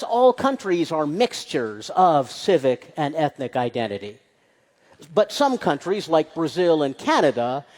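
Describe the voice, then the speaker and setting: With a mid-range voice and a big-room sound, a speaker lectures publicly to an audience in a large hall. The talk is emphatic, punctuated by rhetorical questions and emphasis on key ideas.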